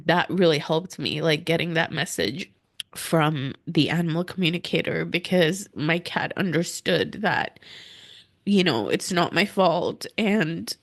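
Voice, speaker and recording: A woman's voice: deep voice, unhurried. A young woman hosting a spiritual podcast, talking casually and heartfelt, full of "like" and "you know". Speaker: podcast host.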